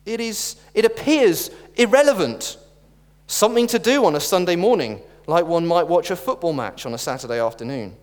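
A man's voice: sits high, expressive, normal speed. A middle-aged man preaching a sermon in a church, earnest with wry asides and jokes. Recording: reverberant church hall.

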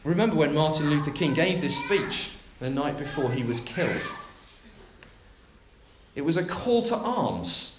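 Big pauses and wide pitch swoops mark this male minister's expressive, dramatic sermon, delivered in a fairly high voice. His words echo through the church, and a faint hiss with clicks runs underneath.

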